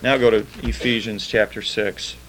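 A man giving an informal Bible teaching, chatting plainly between slow, deliberate scripture readings. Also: on the low side, steady tone, a little hiss or hum, low-quality recording. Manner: conversational, reads scripture slowly, repeats key words. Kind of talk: informal sermon.

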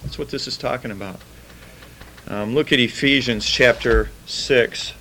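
Male preacher, mid-pitched, plain conversational delivery, slows for scripture readings. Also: pushed and bright, a little hiss or hum, poor audio. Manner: conversational, reads scripture slowly, repeats key words. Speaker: bible teacher. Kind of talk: informal sermon.

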